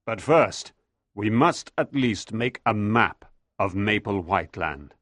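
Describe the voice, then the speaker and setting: A man's voice: on the low side, animated, slow pace, fairly bright tone, no room sound, heavily acted. A man playing a stubborn, lecturing professor. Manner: assertive, lecturing. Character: proud, stubborn older male professor.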